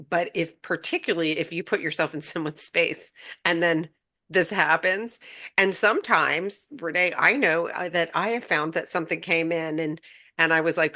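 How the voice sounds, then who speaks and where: A woman co-hosting a casual spiritual chat, reflecting with playful asides and steady agreement. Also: sits low, moderate pace. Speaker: podcast co-host.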